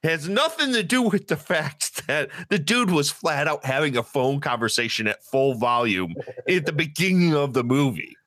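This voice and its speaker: A man co-hosting a podcast, telling a story in casual, profane chat and acting out the people in it with loud, high-pitched quotes. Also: expressive, moderate pace, few pauses, no echo, studio quality. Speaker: podcast co-host.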